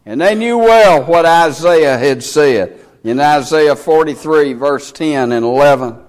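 A man preaching a sermon, reading scripture in old King James wording with slow, deliberate emphasis. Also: a little high, lively intonation. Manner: reads scripture aloud in King James English.

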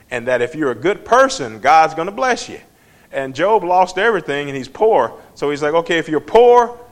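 A man's voice: mid-range voice, fairly bright tone. A man giving an informal, conversational Bible lesson and asking his listeners questions as he goes. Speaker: Bible teacher.

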